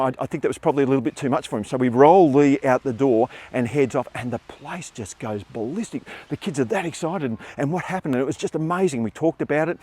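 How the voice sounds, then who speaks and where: Older man, Australian accent, former teacher, animated storytelling, middle pitch. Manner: animated storytelling, acts out quotes. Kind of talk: spoken storytelling.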